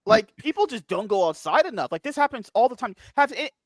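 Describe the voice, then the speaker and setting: A man's voice: extremely high pitch, sing-song, brisk, over a noisy crowd. A man co-hosting a podcast, making provocative jokes in casual banter. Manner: provocative, joking. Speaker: podcast co-host.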